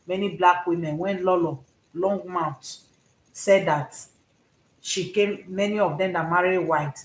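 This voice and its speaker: A woman's voice: on the low side, a bit bright. Nigerian woman, echoey commentary. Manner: rambling, repeats herself, asks "you understand?". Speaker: commentary vlogger. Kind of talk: casual commentary. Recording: roomy echo.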